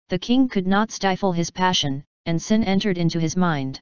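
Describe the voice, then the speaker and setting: A woman reading an old folk tale aloud in a measured, steady storytelling style. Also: fairly low pitch, smooth, no echo, highs cut off. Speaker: narrator. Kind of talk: scripted storybook narration.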